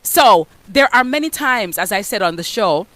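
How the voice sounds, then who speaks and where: A Jamaican radio host giving forceful motivational talk, dropping into patois. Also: female voice, mid-range voice, lively intonation, normal speed. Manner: forceful, emphatic, mixes patois into her speech. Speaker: radio host, guest speaker. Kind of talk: motivational preaching.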